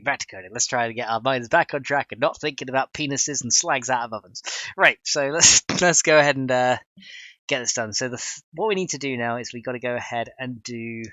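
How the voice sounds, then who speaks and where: Giggly man streaming with a bright voice. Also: medium pitch, no echo, highs cut off. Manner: giggly, keeps breaking into laughter; reads chat messages aloud. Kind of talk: casual livestream chat while coding.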